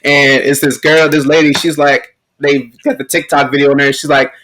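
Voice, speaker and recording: A man co-hosting a casual podcast chat, telling stories with lively put-on voices for the people he quotes. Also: moderate pace, poor audio. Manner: animated storytelling, puts on high voices for quotes. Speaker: podcast co-host.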